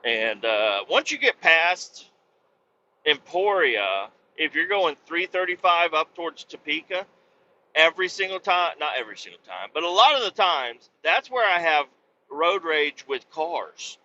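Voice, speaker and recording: A man's voice: a little high, expressive, a little slow, bright, forceful tone, highs cut off, slight background noise. A man, a truck driver hosting his own podcast, ranting casually and profanely about his day. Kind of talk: casual rambling monologue.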